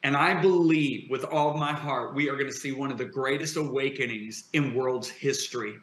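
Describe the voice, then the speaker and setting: A man talks like a fervent preacher, emphatic and driving. His voice is bright and forceful. The sound bounces around an echoey room. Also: medium pitch, normal speed, slight background noise. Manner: emphatic, builds to impassioned declarations. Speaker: guest preacher.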